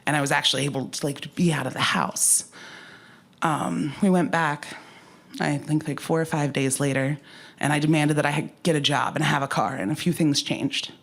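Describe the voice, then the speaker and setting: A woman's voice: deep voice, fairly even intonation, moderate pace. A woman telling a personal story at a live story slam, candid and conversational, with frank asides.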